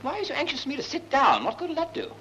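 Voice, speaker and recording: A woman's voice: high-pitched, wildly swooping pitch, rapid-fire, a bit bright, slight background noise, heavily acted. Woman playing a flustered husband who sees a ghost. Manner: agitated and exasperated. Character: flustered middle-aged English husband seeing a ghost. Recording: dull lo-fi with faint music.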